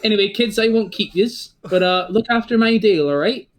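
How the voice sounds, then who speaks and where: A man's voice: sits high, fairly quick, pitched above the performer's own voice, close to an everyday voice. A man voicing a jovial older father who is proud of his son and talks in hearty dialect.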